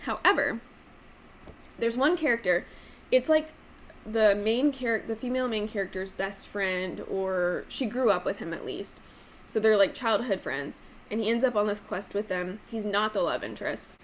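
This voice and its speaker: A book channel host chats emphatically in a casual vlog, leaning on frequent "like" fillers and now and then showing off voices with sudden pitch jumps. She talks at a moderate pace over slight background noise.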